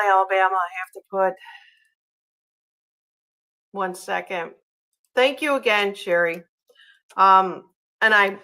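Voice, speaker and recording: A woman hosting a casual livestream, chatty and gushing, often pausing on ums and uhs as she reads viewer comments. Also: mid-range voice, sharp tone, poor audio. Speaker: livestream host.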